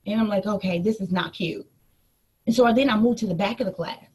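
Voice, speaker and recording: A woman in her thirties, a life coach, telling a personal story in a lively motivational talk to her audience. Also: mid-range voice, a little fast, breathy edge. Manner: animated storytelling, addresses listeners as y'all.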